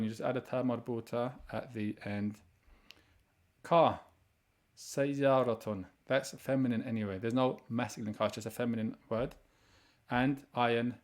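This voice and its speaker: A man teaching a recorded language lesson, explaining grammar steadily and reading each vocabulary word slowly before translating it. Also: medium pitch, vocal fry, a little mellow. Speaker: Arabic teacher.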